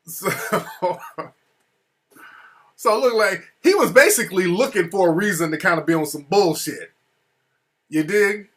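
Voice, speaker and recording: American guy rambling through a story, cussing a lot, voice a bit on the high side. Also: expressive, a little slow, long pauses, a bit bright. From United States. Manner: loose, profane, full of restarts and asides. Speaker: speaker recounting a trip. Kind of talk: casual storytelling.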